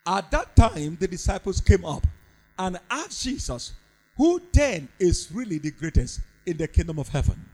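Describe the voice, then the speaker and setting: Man, preacher, high voice, swooping sing-song delivery, repeats lines for emphasis. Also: sing-song, normal speed, a little mellow, low-quality recording. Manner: fervent, repetitive, sing-song preaching cadence. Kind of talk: sermon.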